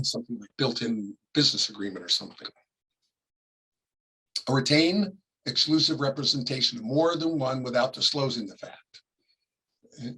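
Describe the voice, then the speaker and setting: A middle-aged man from California teaching a class, talking casually and acting out quick examples, often coughing and clearing his throat. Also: mid-range voice, bright, forceful tone, poor audio. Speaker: real estate ethics instructor. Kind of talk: classroom lecture.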